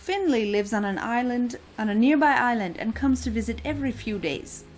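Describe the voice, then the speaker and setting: A woman's voice: on the high side, lively intonation, fairly quick, low-quality recording. A woman reading aloud the lines of a cranky, sleepless male frog who calls himself king of an island in a video game.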